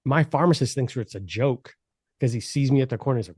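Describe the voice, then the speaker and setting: A man telling a story on a podcast in a casual, animated and profane way, laughing as he goes. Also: medium pitch, a little fast, husky, no echo, clean studio sound.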